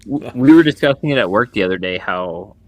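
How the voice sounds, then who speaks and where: A man's voice: fairly low pitch, animated, fairly quick. A young man from the US Midwest opening and co-hosting a podcast, easygoing and a little hesitant. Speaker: podcast co-host. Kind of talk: casual chat.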